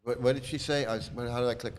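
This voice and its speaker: A man's voice: medium pitch, fairly even intonation, racing, slight background noise. A middle-aged man hosting a casual commentary, rambling and repeating himself, blunt and swearing. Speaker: channel host and cult critic. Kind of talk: casual commentary on a screen post.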